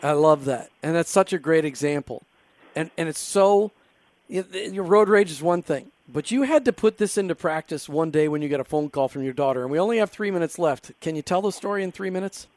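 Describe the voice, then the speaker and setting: A man's voice: on the high side, expressive, brisk, a little mellow. A man hosting a radio interview, asking encouraging questions. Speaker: radio host.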